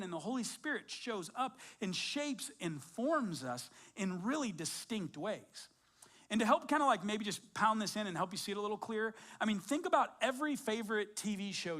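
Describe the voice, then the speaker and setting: A man preaching a sermon as pastor, in a casual, conversational way with lots of fillers and animated storytelling. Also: sits high.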